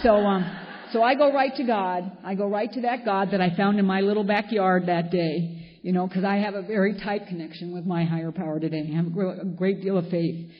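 An older woman speaking at a recovery meeting, originally from Southern California, delivers a candid and wry personal account. Her mid-range voice moves a little fast with fairly even intonation, and the sound is dull and lo-fi in an echoey hall with faint noise.

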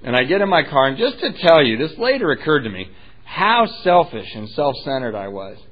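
A man's voice: medium pitch, very animated, brisk, muffled recording. A man candidly telling his own recovery story, self-deprecating and wryly funny. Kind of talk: personal storytelling talk.

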